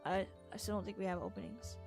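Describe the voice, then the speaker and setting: Young woman, casual gameplay chat, swears a lot, laughs often, mid-pitched, faint music behind. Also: big pitch swings, fast. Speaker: streamer.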